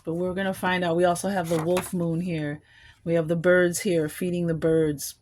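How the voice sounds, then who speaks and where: A woman's voice: fairly low pitch, flat delivery, normal speed, a little mellow, slight background noise. A woman giving a collective tarot reading, musing aloud and rambling, with small laughs between thoughts. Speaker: tarot card reader.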